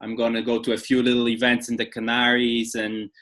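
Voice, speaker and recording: A man, a native Polish speaker, hosting a podcast and asking halting, restarting questions in casual interview talk. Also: medium pitch, monotone, a bit bright.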